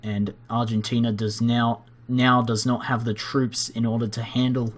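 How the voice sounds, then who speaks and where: Young guy narrating a strategy game, dry and wry, middle pitch, even delivery. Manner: measured, dry, lightly wry. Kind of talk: narrated game timeline commentary.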